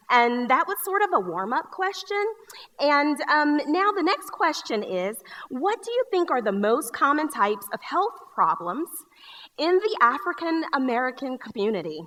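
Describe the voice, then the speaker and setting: A woman's voice: sits high, very animated, normal speed, bright, forceful tone, voice pushed up, exaggerated voice. A woman in a one-person stage show playing a polite focus group moderator who hesitates with fillers as she asks questions. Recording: live theater hall reverb.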